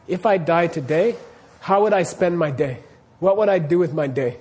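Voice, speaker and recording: High-voiced man teaching a dharma class. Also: expressive, normal speed, a little mellow. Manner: quizzes the class, keeps checking "you see what I mean?". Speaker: Buddhist teacher.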